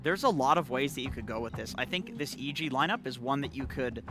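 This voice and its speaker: A man's voice: medium pitch, animated, fast, music in the background. A man analysing a draft on an esports studio panel, thinking aloud as he talks.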